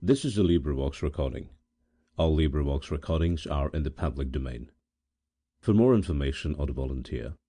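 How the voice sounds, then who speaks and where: A man reading a gothic tale aloud as an audiobook narrator, in a measured, solemn manner with dramatic pauses. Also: rumbling low, dark tone. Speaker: volunteer audiobook reader.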